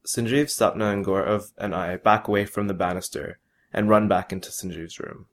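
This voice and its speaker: A man reading his own first-person story aloud in a measured, plain way. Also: low-pitched, fairly even intonation.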